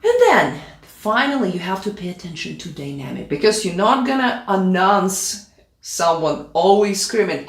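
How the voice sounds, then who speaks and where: A woman's voice: mid-range voice, animated, unhurried. A woman teaching a piano piece, counting beats aloud and checking in with her student. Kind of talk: play-along piano tutorial. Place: room with a piano. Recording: echoey room with loud piano. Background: piano playing.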